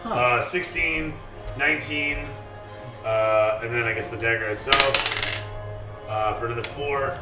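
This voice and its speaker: A man narrating as dungeon master in a casual way, swearing often and filling pauses with "uh". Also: medium pitch. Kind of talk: narrating a tabletop game with shouted character voices. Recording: echoey room from far off, music behind.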